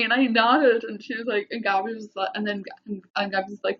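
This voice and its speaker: Excitable woman, lo-fi stream. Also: mid-range voice, fast, few pauses. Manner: breathless, repetitive, excitable retelling. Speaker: livestreamer. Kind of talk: rambling live-stream storytelling. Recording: dull lo-fi livestream audio.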